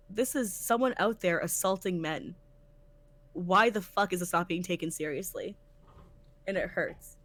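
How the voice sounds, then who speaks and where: Her voice is a little high with no echo. As co-host of a casual podcast chat, this woman emphatically retells a story as a tournament organizer, swearing freely along the way.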